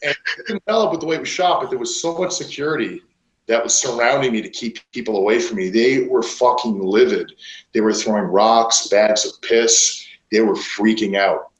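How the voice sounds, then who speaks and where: A man, a pro wrestler guest, telling stories casually, swearing a lot and filling pauses with "uh". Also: mid-range voice. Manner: profane, rambling with many fillers. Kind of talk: casual interview storytelling. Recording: roomy echo.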